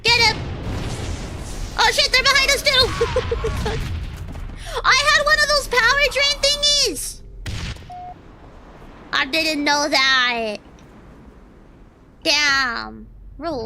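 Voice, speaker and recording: A young woman streaming a shooter game, reacting excitably, shrieking and swearing as she plays. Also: very high-pitched, slow pace, long pauses, slight background noise. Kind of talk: live gameplay commentary. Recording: loud game gunfire under voice. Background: shooter game sounds and gunfire.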